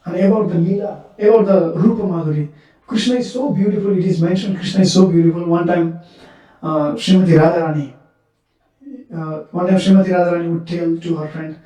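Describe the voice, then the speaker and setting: A man's voice: high-pitched, fairly even intonation, a little fast, warm tone. A man preaching in a temple, telling devotional stories earnestly with many repetitions. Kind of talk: sermon storytelling. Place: temple hall. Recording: echoey temple hall, mic far off.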